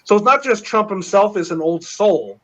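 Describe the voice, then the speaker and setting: A middle-aged man telling a long story in casual chat, rambling and excited, with many fillers. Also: high-pitched, moderate pace. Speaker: panel guest. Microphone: video call. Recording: dull lo-fi online call audio.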